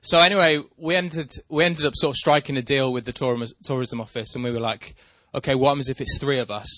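A man's voice: mid-range voice, fast, no echo. Chatty man telling a story. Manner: rambling, self-deprecating, animated when excited. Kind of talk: casual storytelling.

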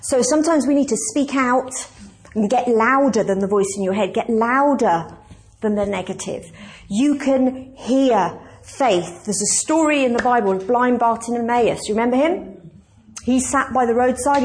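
A woman's voice: a little high, a little slow, a little mellow. A woman pastor preaching a conversational, emphatic sermon and asking the congregation questions.

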